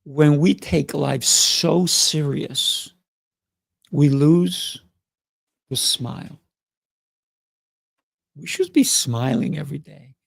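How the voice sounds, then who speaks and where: Middle aged guy doing a live motivational stream, gravelly voice, goofy and laughy, dry close sound. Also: a little high, takes it slowly, long pauses, dry recording. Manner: playful, excitable, laughs often. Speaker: livestream host. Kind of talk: motivational livestream talk.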